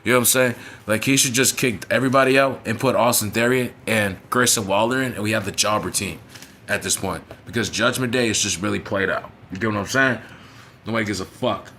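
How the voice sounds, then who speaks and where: A man's voice: lowish voice, fairly quick, bright, forceful tone, slight background noise. A man reviewing a wrestling show in a casual, profane, frustrated rant, often asking "you know what I'm saying?".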